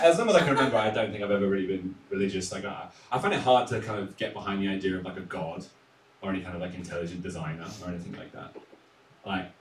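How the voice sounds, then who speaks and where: A young English man delivers self-deprecating stand-up, often chuckling and hesitating with fillers. His voice sits low but swings widely in pitch. He is heard from a distance in a reverberant room with steady background noise. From England. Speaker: stand-up comedian. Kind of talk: stand-up set. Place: small comedy room on a live stream. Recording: echoey room, distant mic, audible noise.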